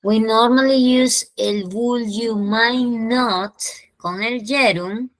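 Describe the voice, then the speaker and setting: A woman with a Peruvian Spanish accent teaching an English lesson, mixing Spanish explanations with slowly drawn-out English example sentences. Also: fairly high pitch, steady tone, no room sound, poor audio.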